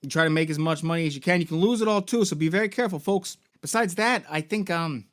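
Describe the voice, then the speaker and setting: A man's voice: a little high, fast. A young man hosting a casual recap of a game series, rambling and swearing, with many fillers. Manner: rambling, profane, full of fillers. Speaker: toy and game store host.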